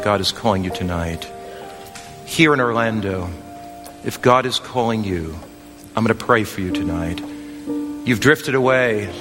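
Guy preaching in a big echoey hall, gets loud and fervent then goes soft and gentle for the altar call. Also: fairly low pitch. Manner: impassioned, rising to near shouts, then hushed and gentle in the appeal. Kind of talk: evangelistic sermon with altar call.

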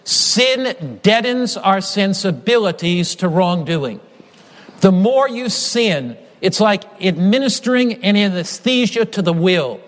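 A man's voice: sits high, lively intonation, takes it slowly, big-room sound. A male pastor preaching a sermon with an emphatic, repetitive cadence.

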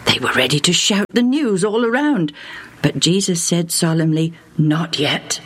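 A woman narrating a Bible story for listeners in a gentle, expressive, measured way. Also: on the low side, noisy background.

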